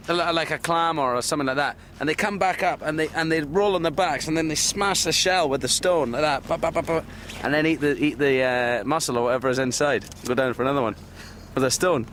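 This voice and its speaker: A man giving interview answers as an animated storyteller who laughs often. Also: fairly high pitch, slight background noise. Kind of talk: casual interview chat.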